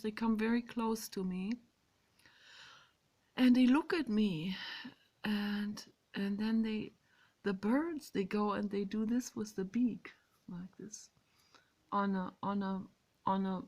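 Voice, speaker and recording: A woman vlogger talking through a casual monologue outdoors, stressing words loudly and then dropping to a soft whisper. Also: medium pitch. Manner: emphatic and drawn-out, swinging between loud stresses and soft whispers. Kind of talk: casual spoken monologue on meditation.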